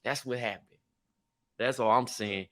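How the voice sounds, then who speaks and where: A man co-hosting a podcast, trading profane, animated stories and acting out quoted voices in casual banter. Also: medium pitch, unhurried. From not from New York. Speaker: podcast co-host.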